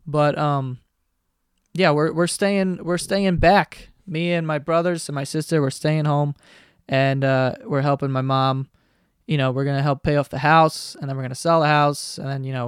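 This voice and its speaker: His voice is smooth and a little high; he's a man in his twenties running a solo podcast from his basement bedroom. He rambles, swears casually and makes self-deprecating jokes, and the podcast-microphone recording is dry and studio quality.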